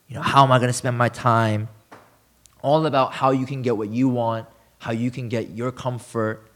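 A man preaching a sermon as a pastor, in a conversational way, often asking the listeners questions. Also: mid-range voice.

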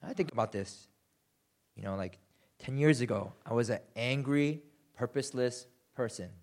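A young man preaching a sermon, animated and self-deprecating, acting out quotes with sudden jumps in pitch. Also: normal speed. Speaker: pastor.

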